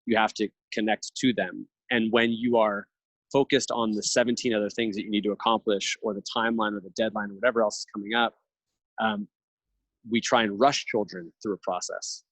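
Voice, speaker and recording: A reflective man in his thirties talks in long, earnest stretches, with a slightly low voice. He sounds close and dry, with no room sound around him. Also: fairly even intonation, a little fast, fairly bright tone, dry recording, low-quality recording. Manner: earnest, reflective, speaks in long thoughtful runs. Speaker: podcast guest. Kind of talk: casual conversational interview.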